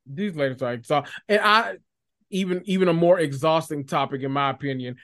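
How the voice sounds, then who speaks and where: A podcast guest in casual chat, expressive and slangy, laughing often while giving opinions. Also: medium pitch, a little fast.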